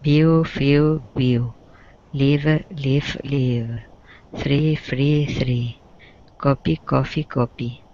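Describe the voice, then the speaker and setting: Lady student repeating words very slowly and carefully, lo-fi call audio. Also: rumbling low. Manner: steady, deliberate word repetition. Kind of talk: reading practice words aloud. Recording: dull video call audio.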